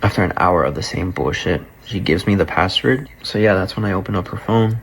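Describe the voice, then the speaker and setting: In a rather fast, low voice, a man recounts his breakup as a casual personal story, cursing and acting out the quoted dialogue with energy. There's slight background noise, and the recording quality is poor.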